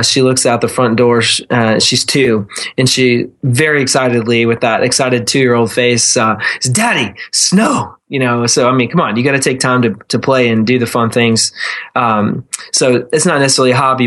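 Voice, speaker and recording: A man in his thirties, a guest on a podcast, answering questions earnestly. He talks casually, often restarting his sentences and filling the pauses. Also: mid-range voice. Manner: earnest, with frequent restarts and fillers. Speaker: podcast guest, real estate investor.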